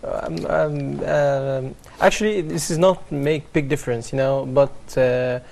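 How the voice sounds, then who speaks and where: A man's voice: mid-range voice, measured pace, creaky, a little mellow, slight background noise. A man from Egypt with an Egyptian Arabic accent, a native Arabic speaker, talking as a panel guest and searching for his words. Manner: hesitant, many fillers, searching for words.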